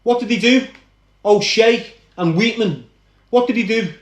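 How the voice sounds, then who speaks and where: A man with a Liverpool accent recounting his past in dramatic first-person storytelling, animated and speaking straight to his listeners. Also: high voice, a little slow, echoey room. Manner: animated, addresses listeners directly.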